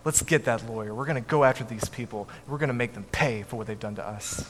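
A man's voice: medium pitch, quick pace, lightly acted. A man quoting an angry young man. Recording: echoey hall, faint background noise.

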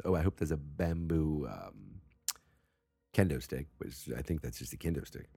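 A man's voice: a bass voice, expressive, moderate pace, vocal fry, dark tone, slightly rough, no room sound, clean studio sound. A man with a Massachusetts accent, hosting a wrestling talk show in rambling, profane, self-mocking casual chat. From Massachusetts, USA.

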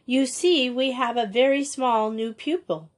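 A woman's voice: high-pitched, measured pace, pitched above the performer's own voice. A woman voicing a kindly, gracious young headmistress in a storybook reading.

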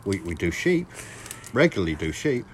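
Man doing a crude Australian bloke, loud, blustering, swearing, lively pitch. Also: normal speed, a little hiss or hum. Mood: boisterous. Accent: Australian, put on.

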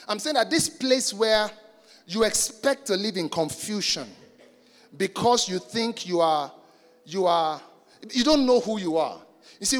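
A man preaching a sermon emphatically and calling out to the congregation. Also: sits high. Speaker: pastor. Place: church hall. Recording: reverberant hall with soft music.

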